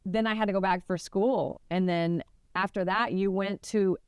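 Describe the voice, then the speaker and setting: A woman co-hosting a podcast, telling a story in a rambling, animated way. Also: mid-range voice, normal speed, smooth, no echo, clean studio sound. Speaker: podcast co-host. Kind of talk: casual storytelling.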